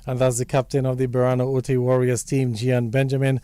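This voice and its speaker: A man presenting a radio sports report in a measured, formal read. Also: mid-range voice, monotone, dark tone, smooth, no echo. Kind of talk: scripted news reading.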